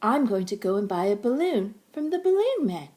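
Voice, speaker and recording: A woman's voice: medium pitch, sing-song, moderate pace, a little mellow, close to an everyday voice. A woman voicing an eager little girl who hunts for her missing friend in a children's storybook. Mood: asking. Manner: urgent, eager questioning.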